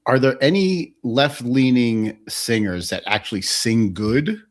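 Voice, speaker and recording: A man's voice: mid-range voice, expressive, measured pace. A man co-hosting a podcast, making blunt, mocking remarks in casual chat. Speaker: podcast co-host.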